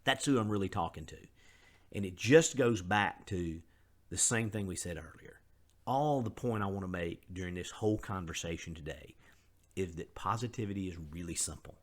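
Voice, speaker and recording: Earnest, low-voiced podcast host. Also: male voice, moderate pace. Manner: earnest, conversational, admits his faults, lots of fillers. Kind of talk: candid motivational podcast monologue.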